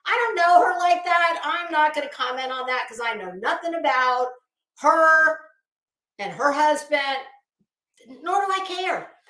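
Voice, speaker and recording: A woman's voice: high-pitched, lively intonation, unhurried, pushed and bright, roomy sound. A woman hosting a casual livestream, talking straight to her chat in a chatty, opinionated way. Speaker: livestream commentary host. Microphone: phone.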